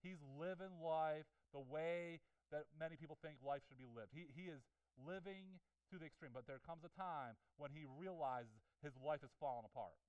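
A male pastor delivers a sermon with fervor, repeating himself and throwing rhetorical questions at his listeners. His voice is pitched a touch high and sounds smooth and clear. He stands a bit back from the microphone in a dry, dead room. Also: normal speed, hardly any pauses, darkish tone, dry recording, recorded from a distance, muffled recording. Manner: impassioned, with many restarts and rhetorical questions.

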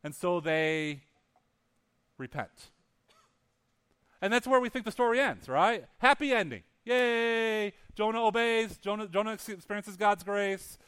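A male pastor preaches a sermon, telling a story with great animation and acting out the characters' lines, often restarting and repeating words. His voice is high, clean and fairly bright, unhurried, with frequent pauses.

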